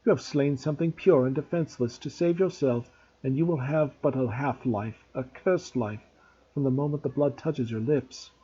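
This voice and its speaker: A man voicing a calm, grave young male centaur in a measured, solemn way, on a dull lo-fi recording. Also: mid-range voice, breathy edge, natural voice.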